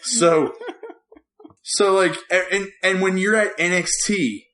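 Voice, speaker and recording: A man's voice: sits high, slow pace. A man in his thirties co-hosting a podcast, telling a parenting story in casual chat and acting out the people in it. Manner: animated, laughing storyteller who acts out quotes. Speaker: podcast co-host.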